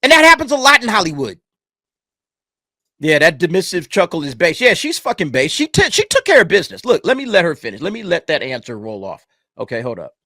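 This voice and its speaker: A man hosting a reaction commentary, swearing freely and answering the clip as it plays. His voice sits high and bright. It swings widely in pitch, recorded close in a dry, dead room. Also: fairly quick, dry recording. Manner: animated, profane, talks back to clips. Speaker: commentary channel host.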